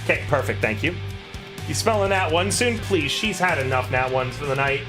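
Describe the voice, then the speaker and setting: A man's voice: a little high, animated, moderate pace, over music. A man running a tabletop role-playing game as game master, laughing and explaining the rules.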